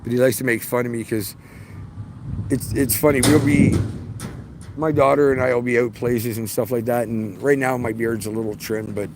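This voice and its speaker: A man's voice: medium pitch, steady tone, moderate pace. A man in his forties, hosting a casual livestream outdoors beside a city street and telling rambling anecdotes. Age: 40s. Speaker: livestream host. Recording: loud street traffic noise.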